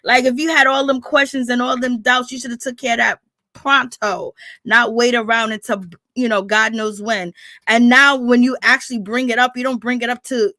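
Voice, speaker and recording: A woman recapping reality TV in a loose, gossipy way. Her voice sits fairly high and she laughs easily as she acts out the scenes. The sound is dry and close, with no room around it. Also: moderate pace, no room sound. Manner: animated, laughing, reenacts quotes with rising squeals.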